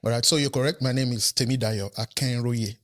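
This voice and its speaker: A male professor from Nigeria speaks as a podcast guest in a studio. His mid-pitched voice stays measured as he explains his points, often pausing to check in with the host. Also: fairly even intonation. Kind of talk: conversational interview.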